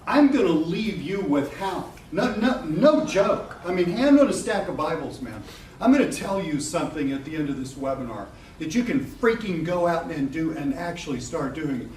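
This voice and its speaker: Animated middle-aged man in an echoey hall. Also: on the high side, moderate pace. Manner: animated, laughing, blunt, swears casually. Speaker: marketing coach presenting a seminar. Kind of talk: live seminar talk to an audience. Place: event room with a live audience. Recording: echoey room from a distance, noisy.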